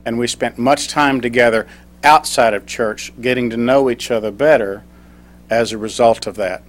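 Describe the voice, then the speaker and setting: A middle-aged man giving a prepared club speech, telling a personal story and reading a poem slowly. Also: medium pitch, fairly even intonation. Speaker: club speaker.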